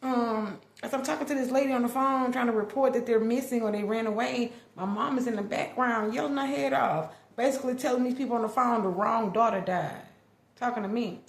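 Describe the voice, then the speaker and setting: Middle-aged woman, gravelly voice, echoey room, candid storytelling. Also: on the high side, fairly quick. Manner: candid, emotional, lots of "like" and restarts. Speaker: vlogger telling a family story. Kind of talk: personal storytelling monologue.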